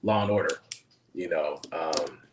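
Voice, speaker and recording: A male actor with a very low voice shares stories on a casual panel. He talks in a lively way, acting out quotes and laughing as he goes. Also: a little slow, very noisy. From Los Angeles. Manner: animated anecdotes, acts out quotes; frequent fillers, laughs while telling stories.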